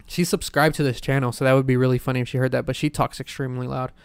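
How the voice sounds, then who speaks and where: Rambling young podcast host. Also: male voice, mid-range voice, level tone, racing, vocal fry, smooth, no room sound. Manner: rambling, full of "like" fillers and laughter. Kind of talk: casual storytelling chat.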